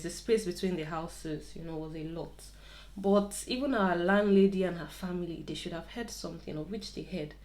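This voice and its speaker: A woman's voice: on the low side, a little mellow. Young woman gisting a storytime at home, repeats stuff for emphasis, laughs a lot. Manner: chatty, repeats words for emphasis, laughs often. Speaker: vlogger telling a story. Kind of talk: casual storytime while styling hair.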